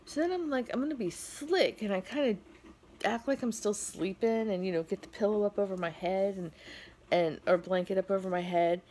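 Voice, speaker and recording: A woman's voice: medium pitch, brisk, a little mellow, a little hiss or hum. A tired middle-aged woman vlogging from home, telling a rambling story with lots of fillers. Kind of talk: casual storytelling vlog.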